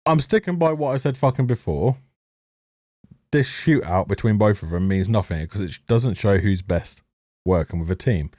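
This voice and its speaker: A man's voice: lowish voice, mellow, dry recording, clean studio sound. A man ranting sarcastically about a show as a reviewer, swearing heavily and breaking into mocking laughs. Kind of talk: ranting commentary over a show.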